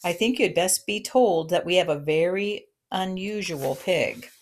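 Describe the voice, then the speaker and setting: A woman voicing a middle-aged farmer, solemn and awed, speaking earnestly and gravely in a storybook reading. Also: lowish voice, measured pace, slight background noise, close to an everyday voice. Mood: solemn awe.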